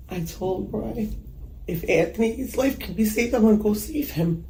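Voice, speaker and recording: Woman telling what happened, slow and halting, warm dark voice, echoey room w/ faint hum. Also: mid-range voice, vocal fry. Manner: halting, hesitant, with many pauses. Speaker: mother recounting a killing. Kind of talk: emotional interview testimony.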